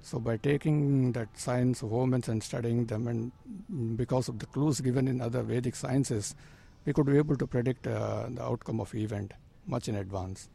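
A man in his fifties, an astrologer, answering interview questions earnestly with plain phrasing and frequent pauses and fillers. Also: mid-range voice, fairly even intonation, creaky, warm tone, breathy edge. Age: 50s.

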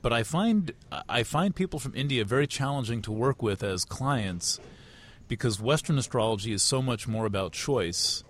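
A man from the United States interviewing at a conference, asking thoughtful questions with halting restarts. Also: medium pitch, expressive, a little hiss or hum. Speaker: interviewer, astrology writer.

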